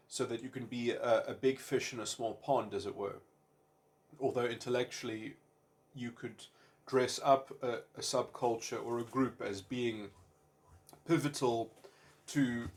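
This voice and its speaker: A man's voice: medium pitch, gravelly. A man giving an unscripted philosophical monologue, stopping often to search for words, with many fillers and repeated starts and abstract, wordy phrasing. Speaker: commentator.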